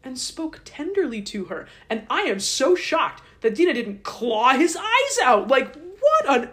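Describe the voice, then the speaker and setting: A woman's voice: high voice, very animated, a little slow, fairly bright tone. A woman host casually retelling a story in a chatty, irreverent, joking way. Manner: irreverent, chatty, swears lightly. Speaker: podcast host.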